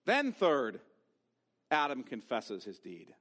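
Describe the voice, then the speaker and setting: Emphatic preacher with a lively voice. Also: male voice, fairly high pitch, a little slow, big-room sound. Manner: emphatic, with rhetorical questions. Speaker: pastor. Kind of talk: sermon. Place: church sanctuary.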